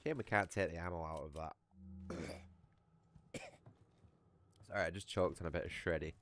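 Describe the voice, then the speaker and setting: Deep-voiced British gamer chatting casually. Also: male voice, normal speed, a bit bright. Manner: rambling, sweary, loose storytelling. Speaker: livestream gamer. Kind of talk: casual chat while gaming.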